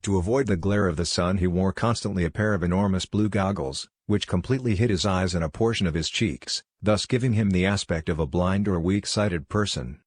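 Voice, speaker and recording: A man narrating an audiobook in a steady, measured reading. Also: low voice, no echo, studio quality.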